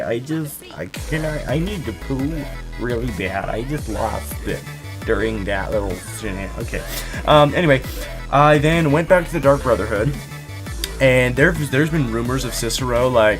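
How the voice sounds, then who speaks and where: A man's voice: on the low side, normal speed, music in the background. Goofy rambling young man recapping a game. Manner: goofy, rambling, jumps between whispers and squeals. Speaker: gaming channel host. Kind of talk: casual video game recap.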